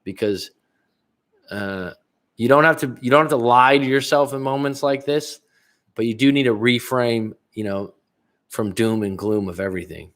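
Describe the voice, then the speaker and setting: A man's voice: medium pitch, moderate pace, a bit bright. A middle-aged male relationship coach in a casual livestream chat, rambling and reading viewer comments aloud with many restarts. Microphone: livestream webcam.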